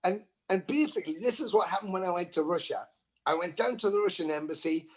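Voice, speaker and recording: A man's voice: sits high, animated, fast talker, slightly rough. A middle-aged man who talks as a band member guest in a rambling way, often repeating phrases for emphasis. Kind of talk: casual storytelling.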